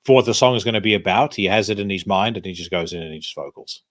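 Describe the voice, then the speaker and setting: A man's voice: sits low, fast talker, no echo, clean studio sound. A man hosting a podcast interview, chatting casually and at length, with frequent restarts and swearing. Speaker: podcast host.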